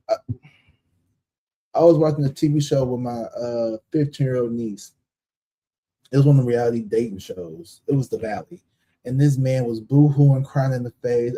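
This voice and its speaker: A man's voice: medium pitch, moderate pace, warm tone, rough recording. A man hosting a live tarot-reading stream, chatting bluntly and emphatically with frequent swearing.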